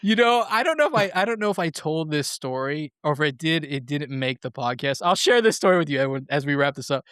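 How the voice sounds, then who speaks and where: A lively man hosting a movie podcast, telling an awkward story in casual chat. His voice sits a little high and swings widely as he acts out the people in the story, and he laughs and swears freely. The sound is dry and close. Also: fast, hardly any pauses, clear, resonant tone, no echo. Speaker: podcast host.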